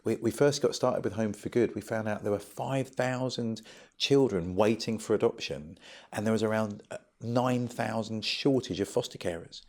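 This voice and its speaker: A middle-aged man, a guest in an interview, telling stories in an animated, humorous way. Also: fairly low pitch, moderate pace. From United Kingdom. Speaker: charity founder guest. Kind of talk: interview storytelling.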